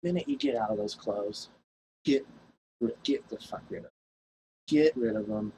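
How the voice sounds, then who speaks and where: A man's voice: mid-range voice, a little mellow, slight background noise, low-quality recording. Profane, rambling vlogger man. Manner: rambling, profane, laughs at his own story. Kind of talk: casual storytelling to camera.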